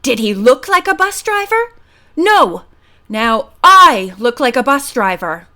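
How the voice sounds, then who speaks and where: A woman voicing an indignant little male bus driver who shouts in outrage. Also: on the high side, animated, moderate pace. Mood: indignant shouting.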